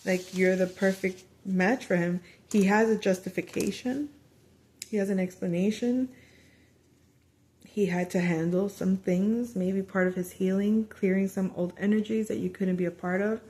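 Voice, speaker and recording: A woman giving a casual spoken tarot reading to her viewers, chatty and animated, often quoting lines of dialogue and trailing off into fillers and restarts. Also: mid-range voice, normal speed. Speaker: tarot reader.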